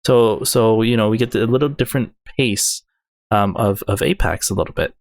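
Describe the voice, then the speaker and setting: A man's voice: on the low side, fairly quick, no echo, studio quality. A man hosting a gaming video, breaking down game updates in an enthusiastic, rambling way with many fillers and restarts.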